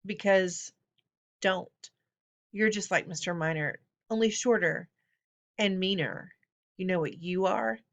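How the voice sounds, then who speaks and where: A woman reads as a cold, scornful young girl in a storybook. She speaks softly, low and hissing with contempt. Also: takes it slowly, long pauses.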